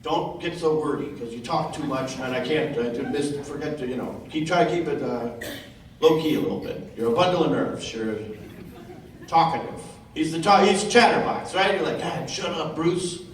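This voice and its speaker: A man's voice: on the high side, lively intonation, normal speed. A man on a convention panel teasing the audience with sarcastic, profane improvised banter. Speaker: comedic voice actor on a convention panel. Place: large convention hall. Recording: echoey hall, distant mic, noisy.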